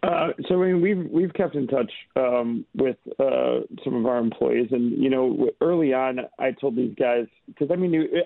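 A man, a chef and restaurant co-owner, speaking as a radio guest in a halting way with many fillers and restarts, heard over a phone line. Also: mid-range voice, vocal fry, dry recording.

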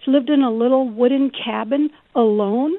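A woman's voice: on the high side, normal speed, no echo. A woman author speaking as a guest in a call-in radio interview, telling stories in an earnest, reflective way over the phone. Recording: phone line.

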